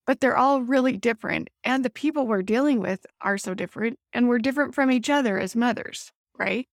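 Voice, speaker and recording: A woman hosts a faith-based video call discussion among mothers, sounding warm-hearted, affirming, and at times emotional. Her voice is on the high side and fairly quick, captured in a dry, clean studio recording.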